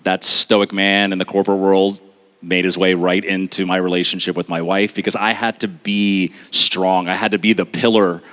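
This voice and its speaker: Man, low deep voice, storytelling talk, earnest, dramatic pauses, stage event. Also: flat delivery, fairly bright tone. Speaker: speaker.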